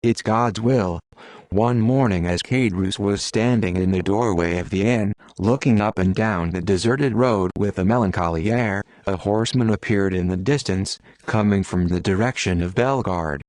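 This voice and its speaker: A man reads an audiobook in a low, steady voice. The recording is dry and close, with no room sound. His delivery is even and unhurried. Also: no echo. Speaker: audiobook narrator. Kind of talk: scripted narration.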